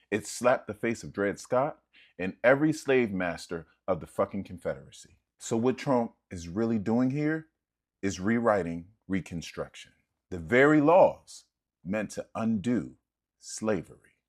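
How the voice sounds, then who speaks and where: A man giving impassioned, preacher-like spoken commentary in punchy, profane rhetorical lines. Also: on the low side.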